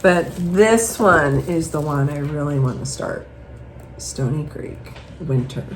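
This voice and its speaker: Chatty woman with a lively voice. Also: sits low, slow, a little hiss or hum, rough recording. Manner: chatty, rambling, animated storytelling. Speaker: host. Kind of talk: casual chat, showing purchases.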